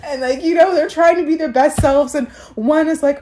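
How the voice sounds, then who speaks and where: A woman's voice: high voice, fairly even intonation, normal speed, dark tone. A woman telling a candid personal story in an interview, earnest and reflective, with many filler "likes". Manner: tearful laughing when moved.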